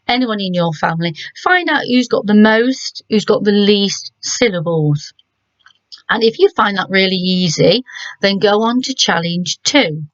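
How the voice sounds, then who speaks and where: A middle-aged woman with an English accent teaches children from home, patient and gentle as she sounds out words slowly. Her voice is mid-pitched and the recording is dry and somewhat dull. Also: no echo. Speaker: primary school teacher. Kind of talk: remote lesson for children.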